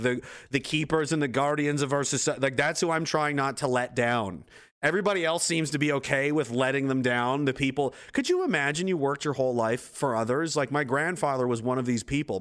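A man's voice: medium pitch, a bit bright. A man streaming live, reading viewer comments and ranting in a rambling, profane way while laughing at his own jokes.

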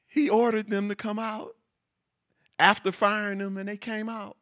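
A male preacher with a bright, ringing voice pitched a little above most men. He delivers a sermon, moving from scripture readings into lively asides where he repeats words for emphasis. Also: a little slow.

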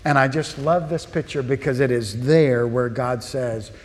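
A man's voice: medium pitch, steady tone, a little slow. A man preaching a sermon as a pastor, earnest and throwing rhetorical questions to his listeners. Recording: long reverb of a large hall.

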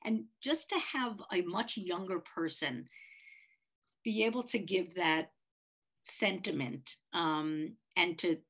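A middle-aged woman co-hosting a podcast, telling a personal story in a heartfelt, halting way with many restarts. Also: lowish voice, a bit bright. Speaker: podcast co-host, parent of a child with a disability.

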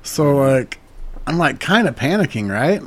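A man in his forties co-hosting a casual podcast chat, telling stories with animated energy and swearing freely. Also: a little high, measured pace. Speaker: podcast co-host.

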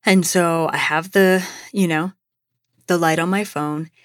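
A woman's voice: on the low side, steady tone, measured pace, no echo, clean studio sound. A young adult woman hosting a podcast, telling a personal story in a chatty way, full of "like" and "you know". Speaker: podcast host.

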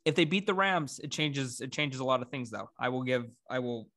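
A man hosting a casual sports chat, talking through his picks with friends, easily excited and quick to laugh. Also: medium pitch. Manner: excitable, laughs, mock British accent briefly. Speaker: podcast host.

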